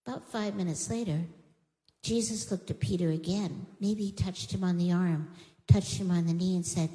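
A woman teaching children a Bible story in a church room, lively and animated, often asking them questions. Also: on the low side, normal speed. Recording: long reverb in a hall.

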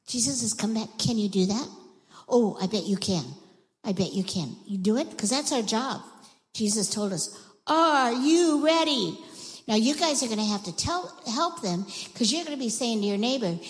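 A woman teaching children in church, speaking in a breathy, animated way and leading the group in shouted chants. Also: medium pitch, normal speed, in a large hall. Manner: animated, leads group chants in a loud call. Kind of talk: children's sermon. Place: church sanctuary.

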